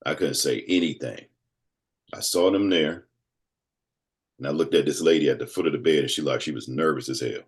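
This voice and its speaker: A man in his fifties, a guest telling a personal story in casual conversation, animated and acting out other people's voices. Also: rumbling low, a little fast, pauses often. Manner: animated storyteller who acts out quoted voices.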